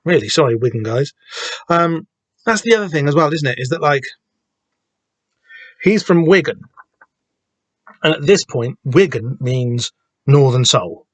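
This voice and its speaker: A man's voice: on the high side, expressive, measured pace, pauses often, no room sound. Hesitant man with a dry voice. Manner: hesitant, lots of restarts and casual swearing. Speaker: podcast host discussing a comic. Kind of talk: casual rambling commentary.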